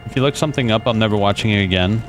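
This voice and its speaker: A man's voice: lowish voice, rapid-fire, soft background music. A male streamer chatting casually and joking while playing and reading game dialogue aloud. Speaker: gaming streamer. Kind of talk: casual let's play commentary.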